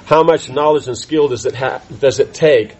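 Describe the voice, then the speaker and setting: A man's voice: mid-range voice, a little mellow, husky, muffled recording. A man teaching a conversational scripture class, often restarting his sentences and checking in with "right?". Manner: halting restarts, keeps asking "right?".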